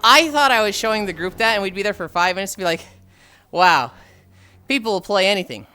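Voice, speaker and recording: A man's voice: sits high, lively intonation, brisk, sharp tone, clean tone. A man streaming while walking, chatting casually, rambling with frequent sighs and casual swearing. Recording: faint music behind.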